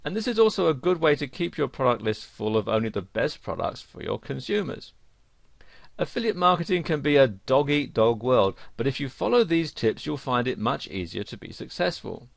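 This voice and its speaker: A man's voice: medium pitch, very animated, normal speed, gravelly, no room sound, clean studio sound. A man narrating an online course lesson, giving earnest, direct advice to learners.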